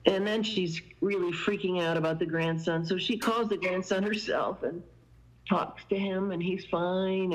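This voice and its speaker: A woman's voice: medium pitch, normal speed, low-quality recording. Woman guest, chatty storyteller, wanders with fillers, mid-range voice. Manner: meandering, many "you know" fillers. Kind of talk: conversational storytelling.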